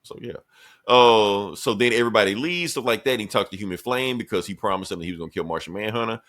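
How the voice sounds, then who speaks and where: A man's voice: lowish voice, fast, a bit bright. A man co-hosting a podcast, loosely recapping a comic book issue in a profane, joking way with frequent laughs. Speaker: podcast co-host.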